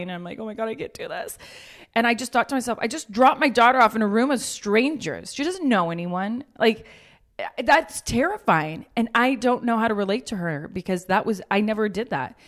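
A woman in her thirties talking as a guest in a casual conversation, telling stories with lively acted-out quotes. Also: mid-range voice. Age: 30s. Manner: animated storytelling, acts out quoted voices.

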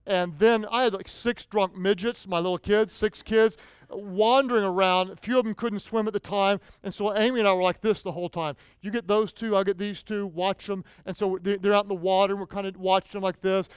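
High, clear-voiced male pastor preaching. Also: no echo. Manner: animated, storytelling, prompts congregation to repeat lines. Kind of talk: sermon with call-and-response.

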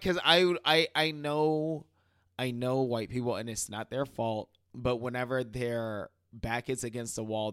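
A man co-hosting a casual talk show, laughing often and getting animated when he tells a story. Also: medium pitch, clean tone, dry recording, clean studio sound. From Caribbean. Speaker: podcast co-host. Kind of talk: casual chat.

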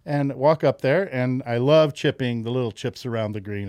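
A man's voice: mid-range voice, animated, fairly quick, few pauses, a little mellow, dry recording, studio quality. A middle-aged man telling a story as a podcast guest, laughing often and acting out the people he quotes. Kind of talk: casual storytelling.

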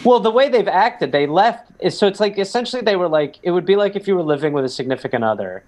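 A man's voice: high voice, expressive, quick pace, a little mellow. A man chatting casually as a comedian guest, rambling and jokey. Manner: rambling, jokey, slips into silly voices.

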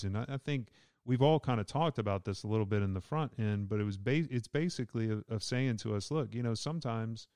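A Southern man, a pastor, talks through scripture in a relaxed, joking way. His voice sits a bit low and comes across smooth and resonant. The sound is dry and close. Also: no echo. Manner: easygoing, joking, laughs often. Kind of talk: casual podcast Bible discussion.

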